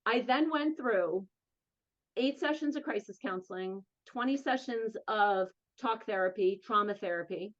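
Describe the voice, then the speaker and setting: In a muffled recording, a medium-pitched woman with a New Jersey accent talks as an interviewee and advocate. Candid and emphatic about her own story, she comes across as earnest, her words arriving in short, quick bursts.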